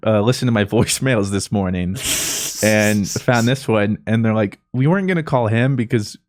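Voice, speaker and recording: A man's voice: lowish voice, moderate pace, dry recording. A man hosting a podcast, telling a funny story in casual chat, laughing often and leaning on "like.". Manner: laughing storyteller, lots of "like" fillers. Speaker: podcast host.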